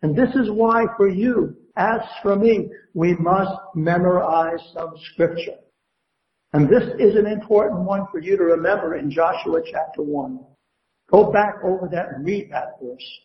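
A man's voice: high-pitched, a little slow, echoey room, dull audio. A man preaching a sermon to a congregation, building emphasis and asking the crowd questions. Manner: preaching with rising emphasis and call-and-response questions. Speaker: pastor. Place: church sanctuary.

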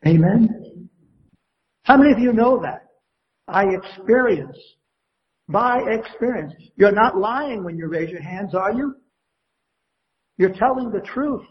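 A man's voice: high-pitched, muffled recording. Man preaching in a roomy church. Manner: preaching with rising emphasis and call-and-response questions. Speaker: pastor. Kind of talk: sermon. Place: church sanctuary.

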